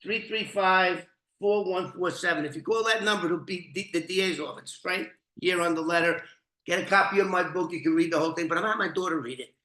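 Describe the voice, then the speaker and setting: A middle-aged man with a New York accent telling an old story, animated and swearing freely. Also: high voice, quick pace. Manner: animated, swearing, restarts, laughs. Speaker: storyteller, former informant. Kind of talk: casual storytelling to camera. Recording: echoey room.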